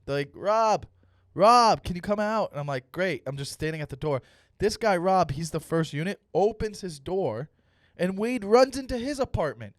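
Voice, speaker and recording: A young adult man hosting a comedy podcast, ranting with animated, profane storytelling and acted-out dialogue. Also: a little high, normal speed, dry recording, clean studio sound. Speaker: comedian host.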